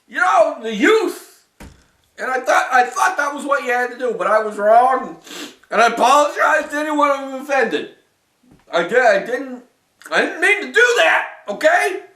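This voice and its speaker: A man's voice: extremely high pitch, sing-song, normal speed, sharp tone, full character voice. A man doing a moaning washed-up cartoon star. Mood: whiny. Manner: whiny, moaning, rambling rants. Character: washed-up weary male cartoon star, gloomy and complaining. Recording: roomy echo from a distant mic.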